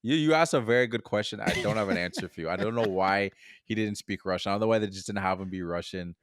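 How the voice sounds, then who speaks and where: A young man with a somewhat low voice chats about a film as a podcast co-host. He rambles, laughs a lot and trails off mid-thought. The sound is close and dry. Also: fast talker, dry recording. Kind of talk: casual film discussion.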